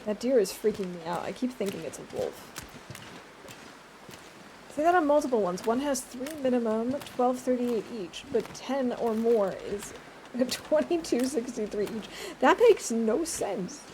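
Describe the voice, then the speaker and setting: A woman's voice: fairly high pitch, expressive, a little slow, darkish tone, a little hiss or hum. A young woman streaming a survival game from home, chatting casually with viewers and laughing often. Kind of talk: casual gameplay commentary.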